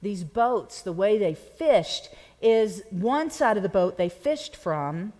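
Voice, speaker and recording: A woman's voice: medium pitch, expressive, slow, dark tone. Playful woman preaching in a reverberant church. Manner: conversational, playful, addresses congregation directly. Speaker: pastor. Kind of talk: sermon. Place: church sanctuary.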